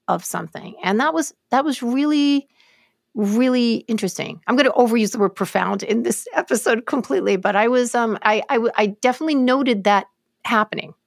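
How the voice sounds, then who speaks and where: A middle-aged woman co-hosting a podcast, chatting in an animated way with many restarts and asides. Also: medium pitch, gravelly, no room sound, studio quality. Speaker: podcast co-host. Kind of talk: casual chat.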